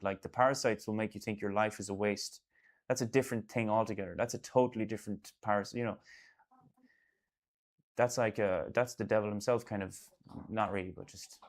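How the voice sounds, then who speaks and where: A man in casual one-on-one talk, earnest and reassuring, rambling with fillers and restarts and repeating himself for emphasis. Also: fairly low pitch. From Ireland. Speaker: artist and host.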